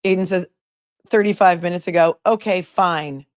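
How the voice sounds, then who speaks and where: With a lowish voice at a moderate pace, a woman runs a live commentary stream, chatting casually, cracking jokes, and reading viewer comments aloud. The sound is dry and clean, like a studio.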